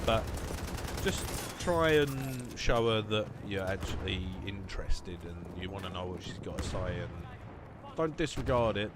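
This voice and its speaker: A man's voice: on the low side, background noise. A young man hosting a gaming channel, rambling through joking, sarcastic commentary and laughing often. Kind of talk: casual gameplay commentary. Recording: clear game gunfire behind voice.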